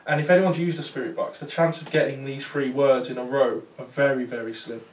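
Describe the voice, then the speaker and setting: Brisk and fairly even in intonation, this medium-pitched man is a paranormal investigator telling a small audience a rambling story full of fillers and restarts. The far-off recording sounds roomy.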